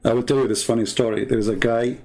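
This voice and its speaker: Brief: gravelly-voiced livestream host, Arabic accent, sarcastic and mocking, mid-pitched male voice. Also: steady tone, fast talker, a little mellow. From Middle East. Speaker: live stream host. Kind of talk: casual livestream monologue.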